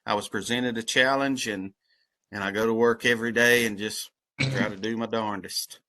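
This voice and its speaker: A man's voice: lowish voice, steady tone, moderate pace, a crowd in the background. A man with a rural American accent giving an earnest, folksy talk about his community service work, then taking questions on a video call. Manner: earnest, folksy, passionate, with many restarts. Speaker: head of a community service corps.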